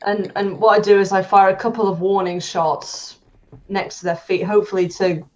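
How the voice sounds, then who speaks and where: A woman's voice: medium pitch, flat delivery, normal speed, darkish tone. A woman playing a tabletop game, stating her character's actions plainly. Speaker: player. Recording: dull lo-fi sound.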